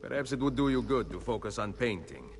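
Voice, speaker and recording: An actor playing a curt, confident Renaissance assassin. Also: male voice, mid-range voice, animated, a little fast, slight background noise, lightly acted. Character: male Renaissance assassin, terse and self-assured.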